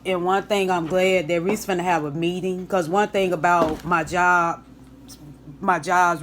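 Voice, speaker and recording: A young woman talks to camera from her home in a low, easy voice. She rambles in a relaxed way, circling back and restarting her sentences. A faint background hiss sits under the recording. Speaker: vlogger, hotel banquet server. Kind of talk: casual chat to camera. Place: at home, indoors.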